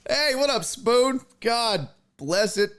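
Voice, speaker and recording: A man hosting a live sports talk stream, excitable and profane, greeting chat viewers by name and laughing often. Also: extremely high pitch, slow pace, slight background noise. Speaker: sports talk show host.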